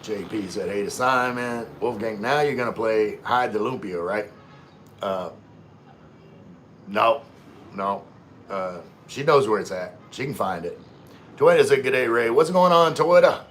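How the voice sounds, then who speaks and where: A fairly low-voiced man hosts a relaxed livestream. He reads viewer comments aloud and answers them, often repeating words as he goes. A faint hum of room ambience sits under his voice. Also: measured pace, long pauses. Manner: easygoing, repeats words and restarts while reading. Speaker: livestream host.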